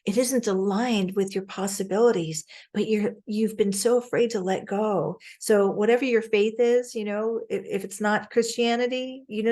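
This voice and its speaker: A woman's voice: medium pitch, darkish tone. Earnest, emotional woman on a video call. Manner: earnest and emotional, laughs often, pauses to look things up. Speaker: spiritual astrology teacher. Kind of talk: casual spiritual talk on a video call.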